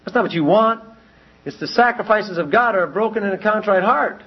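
Male preacher, sermon delivery, husky, dull lo-fi recording. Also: high voice, a little fast. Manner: animated, acts out quoted voices.

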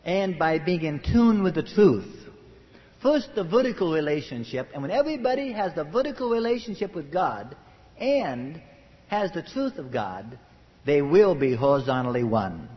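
A man preaching a sermon with passion, swinging between loud emphatic lines and hushed, muttered asides. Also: on the high side. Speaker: pastor. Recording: dull old recording in a reverberant hall.

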